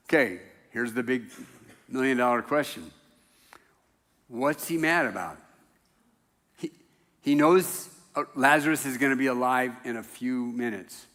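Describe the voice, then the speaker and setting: A man's voice: medium pitch, a bit bright, in a large hall. A man preaching a sermon in a church, talking in a loose, conversational way with self-deprecating jokes. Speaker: pastor. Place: church sanctuary.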